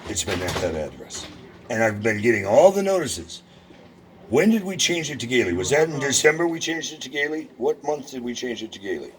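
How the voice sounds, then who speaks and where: A man's voice: mid-range voice, big pitch swings, fairly quick, slight background noise. A man at a government office counter and on the phone, ranting and swearing in a heated confrontation. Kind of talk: angry confrontation and phone call. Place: social security office in a federal building.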